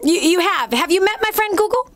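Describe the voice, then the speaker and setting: High-voiced blunt woman host. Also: expressive, brisk, fairly bright tone, no room sound. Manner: blunt, teasing, storytelling with acted quotes. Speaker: show host giving advice. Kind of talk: call-in advice show.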